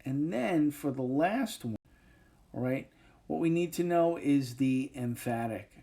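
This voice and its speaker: A male teacher giving a recorded grammar lesson over a whiteboard, talking in a relaxed way with many fillers and frequent checks of "okay". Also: medium pitch, measured pace, gravelly. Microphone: tablet microphone, voice-over.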